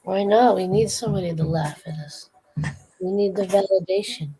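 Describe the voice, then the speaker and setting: A woman's voice: medium pitch, moderate pace, warm tone, breathy edge, poor audio. A tired woman chatting loosely and laughing as she draws on a live stream. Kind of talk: casual chat.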